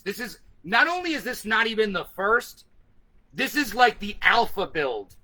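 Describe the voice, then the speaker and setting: High, bright-voiced profane ranting man. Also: rough recording. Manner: profane, combative, emphatic. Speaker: vlogger. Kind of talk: ranting vlog, reading comments.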